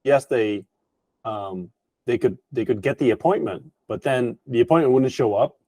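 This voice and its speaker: A man hosting a business interview who agrees readily and thinks out loud, using fillers as he works out his questions. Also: mid-range voice, no room sound. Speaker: interview host, sales trainer. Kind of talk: conversational interview.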